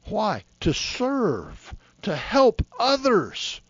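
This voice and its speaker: A preacher in his fifties delivers a heated, folksy sermon, his fairly high voice leaping and dropping with fervor. The recording is muffled and lo-fi, with no room echo. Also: wildly swooping pitch, drawn-out words, slightly rough. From Florida. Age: 50s. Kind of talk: fiery sermon. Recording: dull, dry lo-fi recording.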